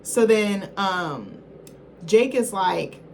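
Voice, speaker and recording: A woman's voice: medium pitch, lively intonation, drawn-out words, gravelly, a little mellow, slight background noise. A woman reviewer giving a casual film recap in a rambling, slangy, profane way, often correcting herself mid-thought.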